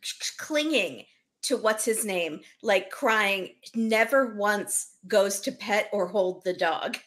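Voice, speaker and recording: A woman's voice: medium pitch, animated, takes it slowly, a bit bright. A woman guest on a casual podcast chat who talks chattily and laughs between her remarks.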